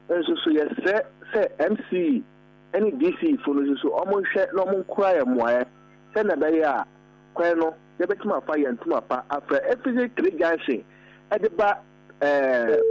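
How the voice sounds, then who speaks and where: Male caller, earnest and formal, slightly high voice, muffled lo-fi phone line. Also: dry recording. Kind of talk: phone-in appeal.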